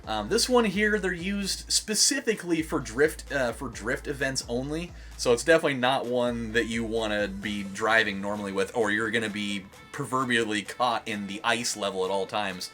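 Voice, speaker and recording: Young man, let's play host, casual game commentary, mid-pitched, rambly, swears a lot. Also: moderate pace, hardly any pauses, sharp tone, faint music behind. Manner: rambling, profane, with lots of fillers.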